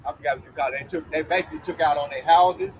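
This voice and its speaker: Brief: man, slightly high voice, casual explainer, hesitant restarts, faint background noise outdoors. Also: fairly even intonation, rapid-fire, rough recording. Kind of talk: casual chat. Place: outdoors by a road.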